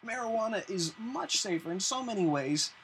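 Guy telling a wild road story on a podcast, bright voice, swears a lot, bit of background noise. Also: sits high, normal speed, poor audio. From Denver area. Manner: animated, swearing, acts out voices in his story. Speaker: podcast guest, artist. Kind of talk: casual storytelling.

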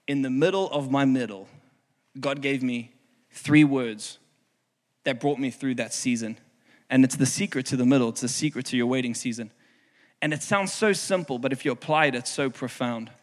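A man in his thirties from South Africa, preaching a sermon with animated storytelling, acting out voices and bursting into shouts. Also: mid-range voice, moderate pace, long pauses. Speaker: pastor. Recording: hall reverb with music behind.

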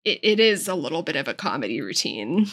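A woman's voice: low-pitched, sing-song, fast, fairly bright tone. A woman co-hosting a podcast, casually and analytically discussing a novel's tone with her co-host. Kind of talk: casual book discussion with read-aloud passages.

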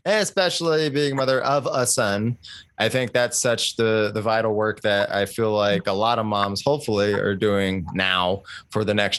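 Guy with a lowish voice chatting along, reflective, dry close sound. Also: fairly bright tone, clean tone, dry recording. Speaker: podcast co-host. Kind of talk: casual chat.

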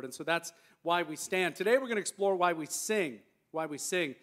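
A man's voice: high-pitched, moderate pace, a bit bright. A male pastor preaching a conversational sermon with casual asides and restarts in a church sanctuary.

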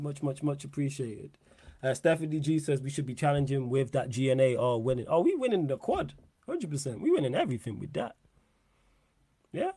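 A man's voice: medium pitch, no echo. A young man hosting a live football podcast stream, chatting casually in slang and repeating himself, close to the mic. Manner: animated, laughing slang-heavy banter, repeats phrases. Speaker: podcast host.

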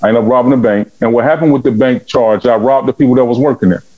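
A fast-talking man, heard through narrow, tinny audio, tells his life story as a guest in an emotional testimony. He preaches fervently and acts out dialogue with big pitch swings.

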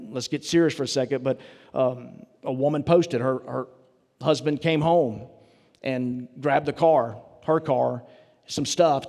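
A pastor with a fairly high-pitched male voice preaches a sermon in a chatty, storytelling way, turning often to his listeners with asides. His voice rings out through a big church sanctuary, with a long echo trailing behind it. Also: a little mellow. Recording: long reverb of a large hall.

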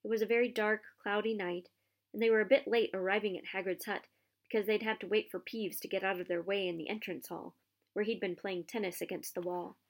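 A woman reading a children's novel aloud with expressive storytelling. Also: medium pitch, brisk.

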